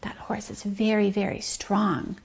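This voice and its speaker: A woman's voice: medium pitch, flat delivery, measured pace, vocal fry, slight background noise. A woman teaching preschoolers, singing simple farm songs, imitating animal sounds and patiently encouraging the children. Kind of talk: sing-along lesson for preschoolers.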